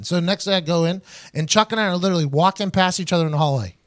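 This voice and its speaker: A man hosting his own podcast, telling stories loudly and with a lot of animation, swearing freely and laughing often. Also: high voice, very fast. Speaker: podcast host. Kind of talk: casual storytelling.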